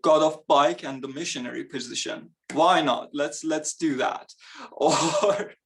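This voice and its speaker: A man's voice: a little high, unhurried, noisy background. A young man performing a stand-up comedy set, chatty and self-mocking, laughing between his lines. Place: live comedy event on stage.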